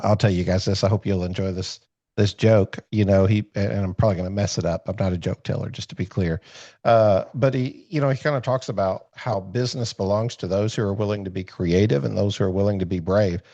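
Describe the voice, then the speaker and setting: A man's voice: lowish voice, mellow, dry recording. A man hosting a podcast, telling a story in a rambling, self-deprecating way with many fillers and restarts over a video call. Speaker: podcast host. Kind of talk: casual storytelling chat. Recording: dull lo-fi call audio.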